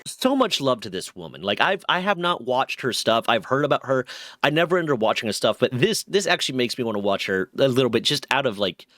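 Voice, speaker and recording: A man's voice: medium pitch, very animated, brisk, fairly bright tone, no echo. A man giving heated, profane commentary as a streamer, indignant in tone. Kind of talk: angry commentary.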